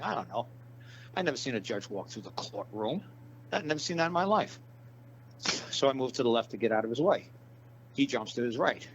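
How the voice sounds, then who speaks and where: A man telling a long story in a casual interview, animated and profane, acting out the people in his tale. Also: medium pitch, highs cut off, slight background noise. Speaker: guest.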